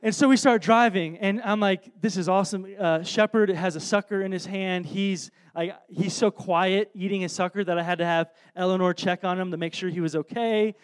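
A man with a notably high voice tells a story from the pulpit, animated and self-deprecating. He keeps restarting his sentences as he goes, in his thirties and at ease with the crowd. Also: a little fast, few pauses, clean tone. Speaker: preacher. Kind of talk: anecdotal sermon storytelling.

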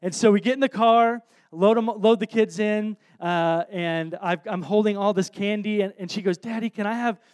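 A man in his thirties preaching through an anecdote, animated and self-deprecating, with lots of restarts. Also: high-pitched, normal speed, hardly any pauses, smooth. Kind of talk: anecdotal sermon storytelling.

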